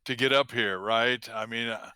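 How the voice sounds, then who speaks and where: A man playing a tabletop game, thinking aloud slowly and tentatively. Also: mid-range voice, fairly even intonation, pushed and bright, clean tone, no echo. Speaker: player. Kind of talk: casual tabletop play.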